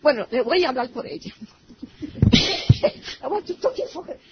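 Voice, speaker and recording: High-voiced woman with a Spanish accent. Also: fairly quick. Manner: broken English, slipping into Spanish, animated storytelling. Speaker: church member giving testimony. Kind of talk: personal testimony. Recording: slightly muffled recording with faint noise.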